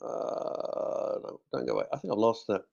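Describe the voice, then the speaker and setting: A man's voice: mid-range voice, normal speed, vocal fry, a little mellow, slightly rough, dull audio. A male radio host chatting casually in a studio, cracking jokes and reading out listener messages. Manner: jokey, rambling, talks to himself.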